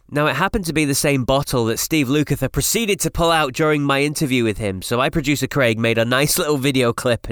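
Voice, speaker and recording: A man's voice: medium pitch, fairly bright tone, clean tone, no room sound, clean studio sound. A man hosting a podcast, introducing the next interview with enthusiastic plugs. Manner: enthusiastic, plugging upcoming content. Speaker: podcast host. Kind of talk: show introduction.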